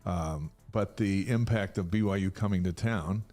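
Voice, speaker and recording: Man, low pitch, talk show co-host, casual, asks questions. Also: moderate pace, darkish tone, faint music behind. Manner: prompts the guest with questions.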